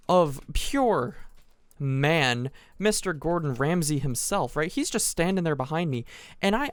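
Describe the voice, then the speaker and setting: A teenage boy telling a long, rambling story as casual commentary over a game he is playing, animated, restarting sentences and adding asides. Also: high-pitched, no echo. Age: teens. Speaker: gaming channel host.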